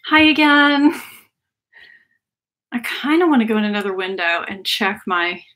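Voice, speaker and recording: A woman's voice: mid-range voice, animated, a little slow, pushed and bright. A woman, chatting casually on a livestream from a small home office, laughing and sighing often. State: out of breath. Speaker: livestream host.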